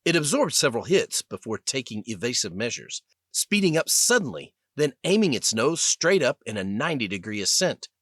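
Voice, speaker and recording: Guy reading an audiobook, really lively up and down, dry close studio sound. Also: mid-range voice, moderate pace, no echo. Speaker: audiobook narrator. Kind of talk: scripted narration.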